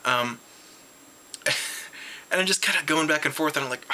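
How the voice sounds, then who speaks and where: Tired, excitable man rambling to camera. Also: unhurried, pauses often. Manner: excitable, rambling, with many restarts; jumps high in pitch when retelling his reactions. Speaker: vlogger reviewing a convention. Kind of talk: casual rambling recap.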